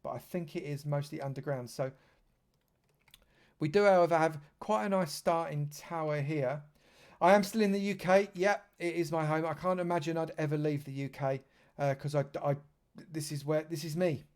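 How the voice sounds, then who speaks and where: A man's voice: on the high side, normal speed, a little mellow. A man from London, giving chatty live commentary on a game stream and joking with dry sarcasm. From London, England.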